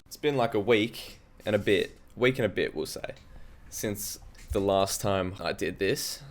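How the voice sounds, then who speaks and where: An Australian hobby music producer, his voice fairly low and a little slow, walks through his own song project from a home studio in a casual screen recording. He swears and pokes fun at himself, with music playing in the background.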